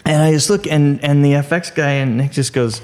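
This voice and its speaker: A man, a screenwriter and TV producer, telling a lively anecdote as a podcast guest, with many restarts. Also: fairly high pitch, a little fast. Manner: animated storyteller, restarts and fillers.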